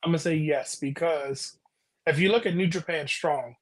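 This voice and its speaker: A man's voice: a little high, moderate pace. A man co-hosting a casual podcast chat, explaining his views earnestly and often breaking off mid-sentence. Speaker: podcast co-host.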